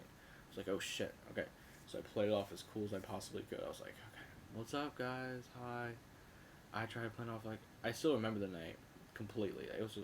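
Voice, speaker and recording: A young man with a fairly low voice tells a personal story in a loose, rambling way, swearing freely and stumbling over his own words. A faint rumbling noise sits under the recording. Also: creaky. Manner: rambling, profane, self-correcting. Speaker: vlogger. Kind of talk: casual storytelling.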